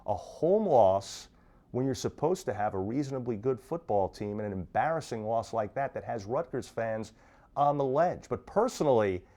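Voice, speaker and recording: A man's voice: medium pitch, a little mellow. A man hosting a sports talk show, ranting emphatically and sarcastically. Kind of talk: sports commentary rant.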